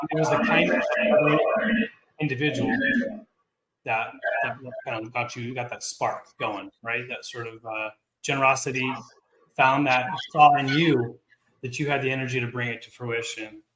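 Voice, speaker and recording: A man hosting an interview, asking questions in a measured, hesitant way with fillers. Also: mid-range voice, fairly even intonation, echoey room, noisy background. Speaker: interview host.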